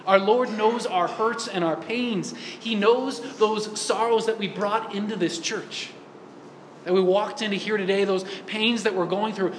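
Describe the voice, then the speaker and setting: A man's voice: high-pitched, echoey room, a little hiss or hum. A man giving a sermon in a church, earnest and full of rhetorical questions. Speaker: priest.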